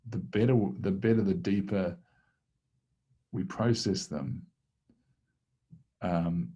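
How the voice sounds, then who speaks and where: A man hosting a casual podcast conversation, reflective and halting, with frequent restarts. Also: low-pitched, warm tone, lo-fi sound. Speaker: podcast host.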